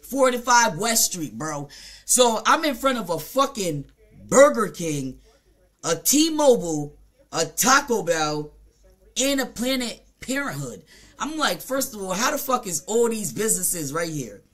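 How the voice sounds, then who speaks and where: Jamaican streamer, mid-pitched, blunt and profane storytime rant, rambling with fillers. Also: very animated, measured pace, a bit bright. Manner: mimics other people in short quoted asides.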